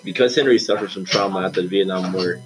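A man reading prepared research notes from a script on a student podcast, with a steady, read-aloud delivery. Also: deep voice, fast talker, rough recording. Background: music.

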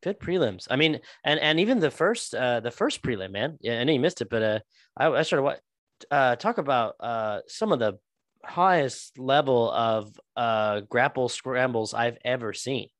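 A man's voice: mid-range voice, expressive, a bit bright, no echo, studio quality. Rambling, cursing man on a podcast. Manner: rambling, profane, halting restarts. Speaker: podcast co-host. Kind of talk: casual podcast chat.

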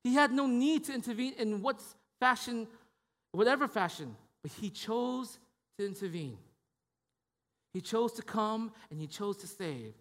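A man's voice: high-pitched, expressive, measured pace, fairly bright tone. A man preaching a sermon as pastor, in a conversational style with frequent "right?" tag questions and restarts. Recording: long hall reverb.

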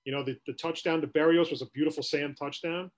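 A man's voice: on the high side, fairly even intonation, fast talker. A man co-hosting a sports podcast, ranting with rhetorical questions in casual talk.

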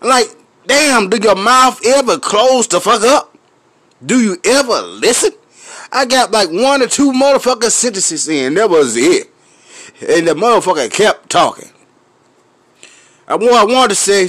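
Memphis man, high lively voice, unhurried, close dry sound; cussing, laughing, throat-clearing rant. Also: dry recording. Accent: Memphis Southern US. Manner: loud, profane, laughing between lines; smoking, clears throat often. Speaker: vlogger. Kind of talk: profane rant to camera.

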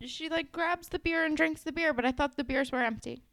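A woman with a fairly high voice chats casually as a podcast co-host. She drops wry, joking remarks about the show. The recording is dry and close. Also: a little fast, fairly bright tone, no echo. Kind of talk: casual chat recapping a TV episode.

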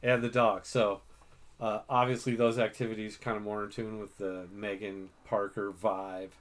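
A man's voice: on the low side, level tone, moderate pace, a bit bright. Chatty self-mocking middle-aged man. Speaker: podcast host. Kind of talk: casual chat.

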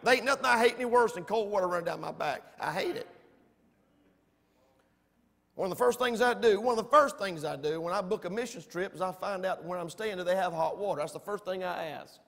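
Man, pastor, high-pitched, emphatic storytelling sermon, church hall reverb. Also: fairly quick. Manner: animated storytelling, folksy, emphatic.

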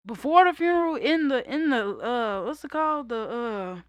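A young woman candidly telling a personal story in a casual monologue, raw and conversational, breaking into loud laughter. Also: on the high side, lively intonation, moderate pace, dry recording. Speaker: vlogger.

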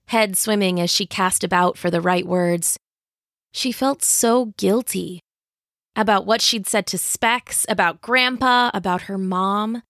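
A woman's voice: medium pitch, fairly even intonation, a little slow, a bit bright, dry recording. Woman narrating an audiobook, dry and close. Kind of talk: scripted narration.

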